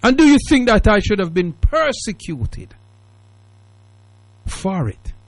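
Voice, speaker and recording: A man hosting a call-in radio show, his British accent shot through with Jamaican Patois. He talks in an emphatic, preachy way, his fairly high voice swinging widely up and down. The studio sound is dry and close. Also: sing-song, takes it slowly, dry recording. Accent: Jamaican Patois-tinged British English. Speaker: radio talk show host. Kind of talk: casual call-in radio talk.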